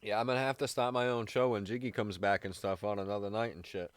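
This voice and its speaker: A man rambling casually on a live radio show, swearing constantly, laughing often and sounding high. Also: fairly even intonation, fast, dry recording, studio quality.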